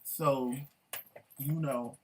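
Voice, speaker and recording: A man hosts a laid-back talk show from home, talking to his viewers in a chatty, animated way. He laughs often and jumps easily from one story to the next. His pitch sits in an ordinary middle range for a man. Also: very slow, background noise. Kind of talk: casual chat.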